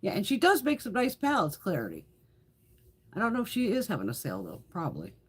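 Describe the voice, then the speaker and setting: A woman's voice: mid-range voice, wildly swooping pitch, quick pace, husky. A middle-aged woman hosting a beauty livestream, chatting casually with viewers, laughing often and swearing freely.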